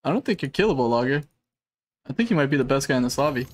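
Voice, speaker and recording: Animated swearing gamer man streaming. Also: very fast. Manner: excitable, swears a lot, shouts at teammate; laughs often, voice jumps high when excited. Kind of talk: live gaming stream commentary.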